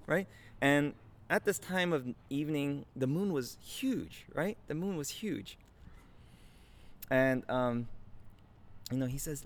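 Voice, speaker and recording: A man in his thirties preaching a conversational sermon, earnest and warm in manner, often adding "right?" as he speaks. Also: mid-range voice, unhurried, pauses often. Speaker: pastor.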